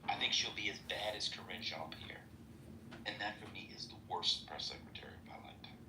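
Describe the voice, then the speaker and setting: Podcast host, male, lowish voice, combative debater who hammers repeated questions; distant mic in a roomy space with background noise. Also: a little fast, in a whisper. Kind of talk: heated political debate. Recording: echoey room with noise, off-mic.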